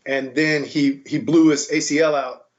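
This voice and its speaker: Man, American accent, casual storytelling, animated, higher pitch. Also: a little slow. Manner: animated, mimics voices in quotes. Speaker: podcast guest, kettlebell instructor. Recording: dull lo-fi sound.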